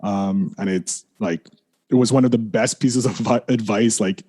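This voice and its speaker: A man's voice: fairly low pitch, normal speed, a little mellow, slightly rough. A man, a podcast guest, telling a candid personal story in a rambling way, full of "like" and restarts. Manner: rambling, leans on fillers like "like" and restarts; apologizes for swearing.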